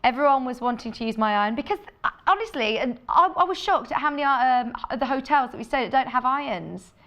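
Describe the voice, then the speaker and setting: A woman presenting a live home shopping show, chatty and enthusiastic, chatting with off-camera crew between sales pitches. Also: lively intonation, quick pace, sharp tone, dull audio. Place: TV studio.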